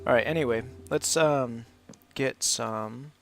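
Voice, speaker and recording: A man's voice: mid-range voice, takes it slowly, creaky, soft background music. A man chatting casually while he hosts a game livestream, rambling and laughing often. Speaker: livestream host, English teacher. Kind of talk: casual chat while gaming.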